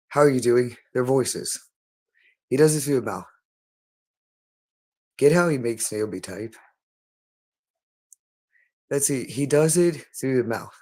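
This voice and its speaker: A man's voice: medium pitch, a little mellow, breathy edge. Man in an urgent, repetitive monologue. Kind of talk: rambling direct-to-camera monologue.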